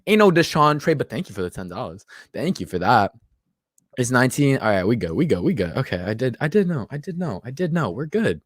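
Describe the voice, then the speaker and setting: A man in his twenties hosts a casual livestream, a bit tipsy, bantering loosely and reading chat comments aloud. His mid-range voice is sing-song and a little fast, captured as a dry, clean studio recording.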